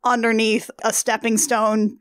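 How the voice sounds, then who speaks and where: A woman talks through a movie plot in loose, rambling podcast chat. Her voice sits a touch high, and it comes across close and dry with no room sound. She trips over her words, flusters, and slips in little laughing asides. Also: flat delivery, unhurried, a bit bright, no echo. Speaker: podcast co-host. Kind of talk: casual movie recap chat.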